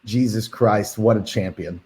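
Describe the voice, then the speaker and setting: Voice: mid-range voice, unhurried, darkish tone. A panel guest speaking bluntly, swearing freely in casual chat. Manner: blunt, profane.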